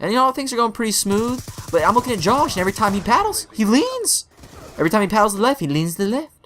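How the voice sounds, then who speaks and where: A young man hosting a gaming channel, telling a story over gameplay commentary and acting out the quotes with sudden jumps in pitch. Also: animated, rapid-fire, a bit bright, slight background noise.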